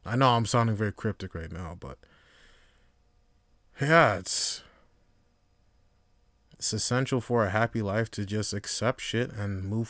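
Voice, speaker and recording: A man in his own casual solo podcast, rambling and swearing freely as he reflects, then livening up to retell a story. His voice sits in a middle register and comes across smooth and resonant. The sound is close and dry. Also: medium pitch, no echo. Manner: profane, rambling, reflective, swings into animated storytelling. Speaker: podcast host.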